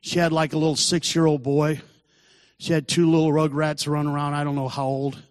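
With a flat delivery and fairly quick pace, a man with a slightly high voice gives his recovery testimony in sermon style. He narrates earnestly and acts out quoted voices, and the clean studio recording is dry yet sounds like a big room.

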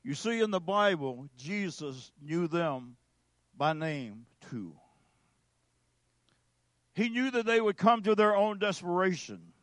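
A man preaching a sermon as a pastor, slow and emphatic with dramatic pauses. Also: high voice, very animated, fairly bright tone, no echo.

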